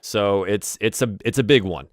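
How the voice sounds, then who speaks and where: A man runs a tabletop game over a call, narrating turns in a relaxed, casual way and swearing now and then. His voice sits a little low. The sound is close and dry. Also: normal speed, dry recording. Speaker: game master.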